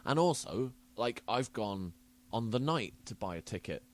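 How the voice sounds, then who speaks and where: A young man talks casually, sweary and quick to rant. His pitch rolls up and down a lot as he goes. He laughs easily between complaints. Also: lively intonation. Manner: sweary, ranting, laughs often. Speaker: podcast host. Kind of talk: casual chat.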